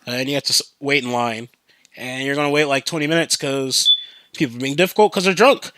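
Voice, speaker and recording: A man's voice: medium pitch, quick pace, pushed and bright, no room sound. A young man hosting a podcast, telling a story in a loose, profane, rambling way with many fillers, and growing earnest on serious topics. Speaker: podcast host. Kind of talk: casual rambling monologue.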